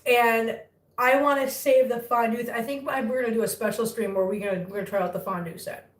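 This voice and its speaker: A woman with a fairly high voice hosts a casual livestream from home, slipping between cooing baby talk for her cats and chatty asides to her viewers. She sits some distance from the mic, and the room gives her voice a noticeable echo. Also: steady tone, fairly quick. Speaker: cat rescue livestream host. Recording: echoey room, far from mic.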